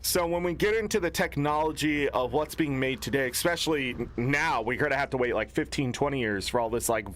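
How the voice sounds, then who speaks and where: A man's voice: brisk, hardly any pauses, fairly bright tone, slight background noise. Angry profane gaming streamer man. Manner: profane, exasperated ranting with swings in pitch. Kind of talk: angry off-the-cuff stream rant.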